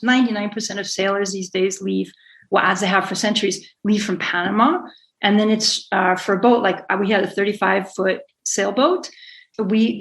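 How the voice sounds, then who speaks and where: Gravelly-voiced woman sailor talking. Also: mid-range voice, low-quality recording. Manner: rambling, self-correcting, laughs often. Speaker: guest, sailor and author. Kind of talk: conversational interview.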